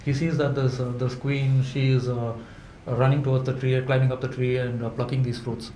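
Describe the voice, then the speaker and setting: A man, telling folk tales to a live audience in a halting way, with many fillers and restarts. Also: medium pitch, level tone, warm tone. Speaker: storyteller. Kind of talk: live folklore storytelling. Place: event hall indoors. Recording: echoey room with faint hum.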